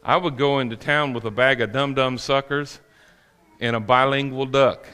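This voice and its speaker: A man's voice: medium pitch, steady tone, normal speed, bright, forceful tone, smooth, in a large hall. A male preacher giving a sermon with folksy, humorous storytelling. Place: church sanctuary.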